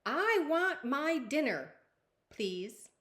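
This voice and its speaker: A woman voicing a sassy, demanding little girl princess in a storybook read-aloud, with a whiny, drawn-out delivery. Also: mid-range voice, animated.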